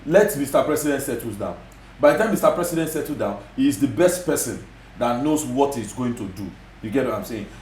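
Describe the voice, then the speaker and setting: Speaking with a Nigerian Yoruba accent, a man appears as a guest commentator in a TV studio interview, emphatic and repeating his points while mixing in Yoruba phrases. His mid-range voice is expressive, a little fast, and darkish, with a roomy sound and a little hiss or hum.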